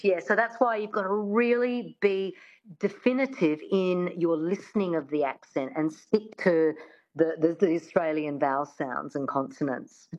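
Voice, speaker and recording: A woman, a guest on a radio show, speaking enthusiastically and agreeably about her craft. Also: lowish voice. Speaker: accent coach guest. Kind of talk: radio interview. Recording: dull lo-fi sound.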